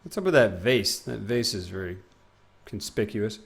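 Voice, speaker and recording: A man's voice: on the low side, expressive, moderate pace, gravelly. A man in his twenties chatting casually with his live-stream audience while gaming, rambling, reading chat aloud and breaking into silly sing-song bits. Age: 20s.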